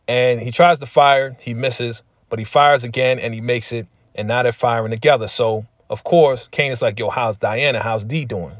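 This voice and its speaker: A man hosting a casual TV episode recap in a slangy, lively way, often slipping into quotes from the characters. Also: mid-range voice, no echo, studio quality. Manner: slangy, with frequent "right?" and "you know". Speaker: TV recap host.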